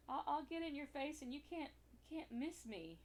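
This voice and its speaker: A woman's voice: high-pitched, big pitch swings, takes it slowly, darkish tone, voice pushed up, full character voice. Sweet cuddly little girl dog, needy and clingy, done by a lady. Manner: needy, affectionate.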